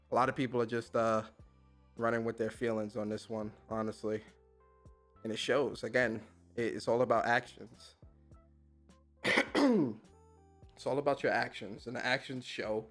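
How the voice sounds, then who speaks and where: A man's voice: mid-range voice, a bit bright. A man hosting a casual live-stream podcast, talking in a laid-back, slangy way and laughing often. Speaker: podcast host.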